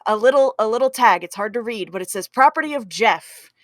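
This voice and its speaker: A woman's voice: a little high, lively intonation, brisk, dry recording, clean studio sound. A woman co-hosting and judging a comedy podcast game, bantering playfully with mock solemnity. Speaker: co-host and judge.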